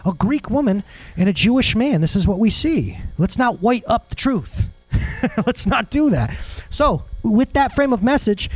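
A male pastor preaching a sermon in an animated way, firing rhetorical questions and jokey asides. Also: sits high, no echo, rough recording.

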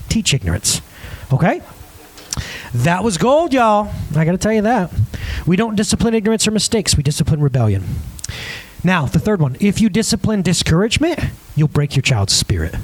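A man delivers a lively sermon to a live audience. His voice sits high and swings widely as he acts out everyday moments and keeps turning to the listeners with quick questions. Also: husky. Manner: animated, acts out scenes in different voices; chatty, asks the crowd questions.

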